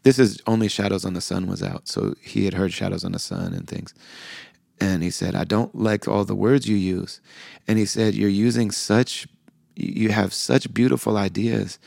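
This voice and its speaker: A middle-aged man with a very low, deeply gravelly voice tells a reflective personal story as a podcast host. He speaks softly and with feeling, slipping into the voices of people he remembers. The sound is dry and close. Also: no room sound. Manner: soft-spoken, heartfelt, with frequent fillers and quoted dialogue.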